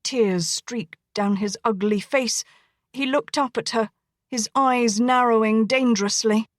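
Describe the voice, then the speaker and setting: A woman narrating a historical romance audiobook in a measured, dramatic storytelling manner. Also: a little high, dry recording, studio quality. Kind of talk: scripted narration.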